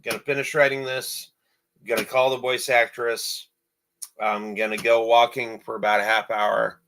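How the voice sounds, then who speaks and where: Gravelly-voiced man rambling in a vlog. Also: medium pitch, level tone, moderate pace, fairly bright tone, a little hiss or hum, rough recording. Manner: rambling, repeats himself, many fillers. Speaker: amateur animator and writer. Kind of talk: casual vlog monologue.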